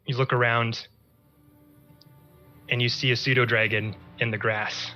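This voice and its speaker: Male dungeon master, bright voice, slow drawn-out scene narration, faint music behind. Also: mid-range voice, little pitch movement, highs cut off. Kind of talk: narrating a tabletop game.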